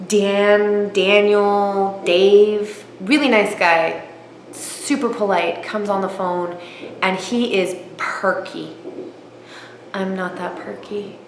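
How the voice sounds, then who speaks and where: A woman telling a comic story in a vlog, self-mocking and lively, jumping high in pitch when she quotes herself. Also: takes it slowly. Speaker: aquarium hobbyist vlogger. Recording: roomy echo with faint noise.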